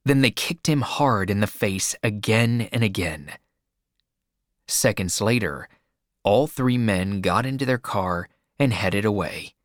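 A male audiobook narrator reads a script slowly in a low voice. The recording is dry and studio quality.

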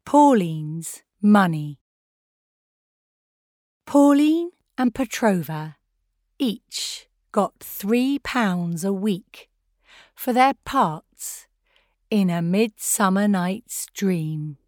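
A woman narrating a simple storybook in a careful, clearly paced way. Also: mid-range voice, expressive, very slow, a little mellow, dry recording, studio quality. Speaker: audiobook narrator. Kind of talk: slow graded-reader narration.

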